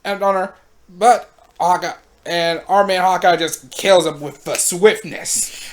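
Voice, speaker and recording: A woman recapping anime episodes in casual commentary, with slangy and animated storytelling. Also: lowish voice, measured pace. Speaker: anime reviewer.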